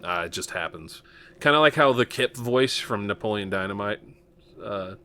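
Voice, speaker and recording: A man's voice: fairly low pitch, animated, normal speed, sharp tone, slight background noise. Rambling, chuckling man from Nebraska. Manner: rambling and chuckling, many fillers. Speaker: podcast host. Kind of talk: casual podcast chat.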